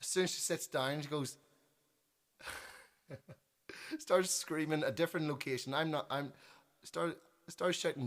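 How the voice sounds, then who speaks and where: A man's voice: fairly high pitch, unhurried, long pauses. A young man from Northern Ireland with a Northern Irish accent telling a funny, self-deprecating story to his livestream viewers. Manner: self-deprecating, animated, trails off and restarts. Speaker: musician on livestream. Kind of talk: casual storytelling.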